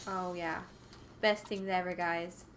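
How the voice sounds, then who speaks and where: A woman's voice: fairly low pitch, fairly even intonation, slow pace, a little hiss or hum. A woman hosting a casual gaming livestream, chatty and upbeat, greeting viewers by name. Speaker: livestream host. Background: game music.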